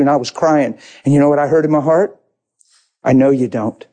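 A male preacher delivers a heartfelt sermon in a dark, mellow tone. His voice is husky and a little rough around the edges. He tells his testimony with animated passion. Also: fairly high pitch, moderate pace, long pauses.

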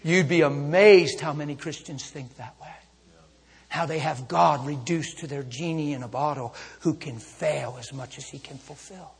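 A man preaching a sermon as a traveling minister, telling stories in an animated way, often laughing and breaking into shouts. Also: a little high, moderate pace, vocal fry, breathy edge. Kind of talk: sermon storytelling. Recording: long reverb of a large hall.

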